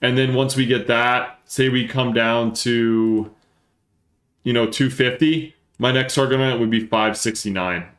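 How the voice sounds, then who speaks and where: A man hosts a live stream and reads through charts as he talks. He speaks fast and gets excited, working things out aloud. His mid-range voice carries some room echo. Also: medium pitch. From northern New Jersey. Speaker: livestream host and market analyst.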